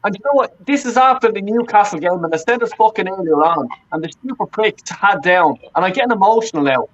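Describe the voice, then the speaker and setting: A man's voice: sits high, animated, a little fast, hardly any pauses, fairly bright tone. Ranting man, sweary, lo-fi. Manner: profane, ranting, repeats himself. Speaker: fan panelist. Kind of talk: heated football fan panel chat.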